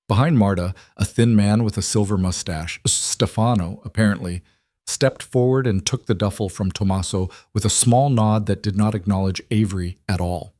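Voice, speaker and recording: Low-voiced male story narrator. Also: dry recording, studio quality. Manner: measured, even storytelling.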